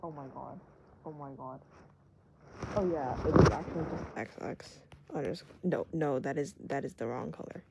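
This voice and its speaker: A young adult rambling casually while drawing, joking at their own expense and dropping into hushed asides. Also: medium pitch, moderate pace, gravelly. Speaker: vlogger doodling on stream. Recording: loud background noise with clicks.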